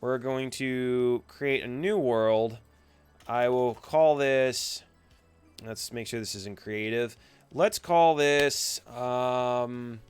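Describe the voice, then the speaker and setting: A man's voice: mid-range voice, smooth, no room sound. A young man giving a screen-recorded tutorial, narrating each click with chatty, playful asides. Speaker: coding instructor.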